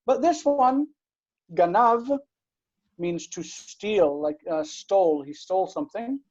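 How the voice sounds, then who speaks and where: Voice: mid-range voice, lively intonation, slow, darkish tone. Patient online Hebrew teacher, muffled call. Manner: patient, explains with many fillers and restarts. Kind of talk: online grammar lesson. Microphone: video call. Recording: muffled video call audio.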